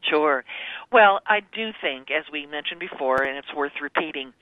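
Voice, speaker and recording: A woman's voice: deep voice, animated, normal speed, dry recording. A woman guest speaking by phone on a faith-based radio talk show, earnest and teaching, acting out little quoted voices as she explains. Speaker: guest author. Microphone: phone call. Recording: tinny phone line, dry.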